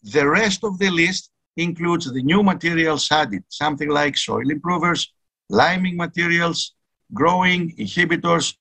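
Guy giving a conference talk, kinda high bright voice, earnest, keeps stressing words. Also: measured pace, creaky. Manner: earnest, emphatic, repeats key words. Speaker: conference speaker. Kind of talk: technical conference presentation.

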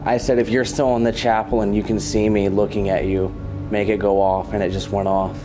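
A man's voice: fairly low pitch, flat delivery, over music. A man on a nighttime ghost hunt in an old hospital, talking earnestly and getting emotional with his partner. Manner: emotional, earnest, quick to believe. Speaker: paranormal investigator. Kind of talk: casual ghost-hunting vlog.

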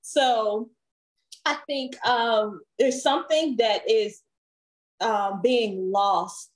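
A woman singer, a guest on a podcast, chatting casually and telling lively stories full of laughter and acted-out quotes. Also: on the high side, very slow. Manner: lively storyteller, laughs often, acts out quotes.

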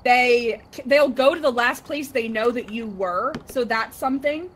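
A woman streamer chatting casually with friends over a game, excitable and quick to laugh, often restarting her sentences. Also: fairly high pitch, a little hiss or hum. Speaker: streamer playing a ghost-hunting game with friends. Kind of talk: casual gaming chat.

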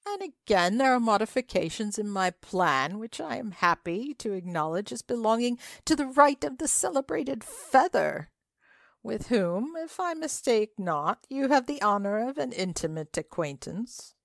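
A woman voicing a genial, excitable older male asylum director in a dramatic reading of a classic story, talking in a courtly, grandly emphatic way. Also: a little high, moderate pace, creaky, dry recording, clean studio sound, voice pushed up.

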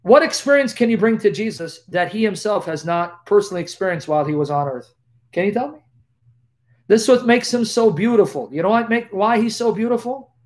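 High-voiced impassioned male preacher. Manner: emphatic, swings from loud declarations to hushed tones; repetitive rhetorical questions. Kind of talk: impassioned live-stream preaching.

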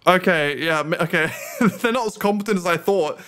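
A man's voice: a little high, expressive, brisk, sharp tone. A young man giving sarcastic gameplay commentary and talking back to game characters. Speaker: gaming YouTuber.

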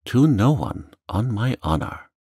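A man's voice: lowish voice, very animated, a little slow, warm tone, breathy edge, no echo, studio quality, voice pushed up, heavily acted. A man doing a raised, earnest young sailor. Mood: earnest, anxious. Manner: pleading, earnest. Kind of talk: calm audiobook reading.

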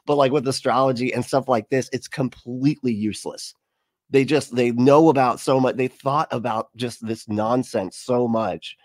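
A man's voice: medium pitch, fairly even intonation, normal speed, darkish tone, no room sound, studio quality. A man hosting a casual reaction show, rambling and sarcastic, swearing freely and laughing at what he watches. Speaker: host.

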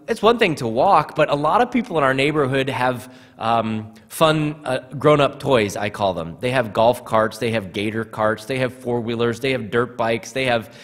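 A man preaching a sermon as pastor, earnest, often repeating words as he starts a phrase. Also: medium pitch. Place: church sanctuary. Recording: church hall reverb.

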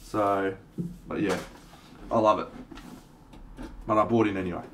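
A man's voice: fairly low pitch, fairly even intonation, measured pace, heavy background noise. An Australian man chatting casually on a livestream while he paints miniatures, swearing now and then and answering viewers by name. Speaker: streamer.

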